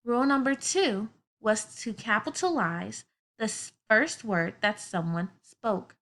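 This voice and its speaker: A woman teaches grammar to young students in a recorded lesson. She talks slowly and patiently in a fairly high voice. She builds each point from simple everyday examples. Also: fairly bright tone.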